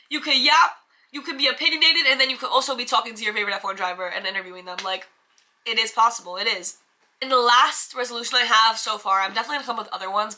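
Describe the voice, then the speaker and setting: Bright-voiced chatty young woman vlogger. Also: a little high. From United States. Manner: chatty, filler-heavy, animated self-talk. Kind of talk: casual chat to camera.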